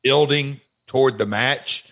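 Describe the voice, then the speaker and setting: An older man, a retired wrestler and guest, recalling backstage moments in a halting, rambling casual chat. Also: medium pitch, a bit bright.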